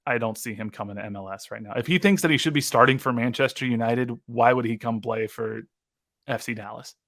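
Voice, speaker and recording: A young man co-hosting a casual sports podcast, recapping soccer matches play by play with quick asides. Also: medium pitch, vocal fry, a bit bright, dry recording, studio quality. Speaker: co-host.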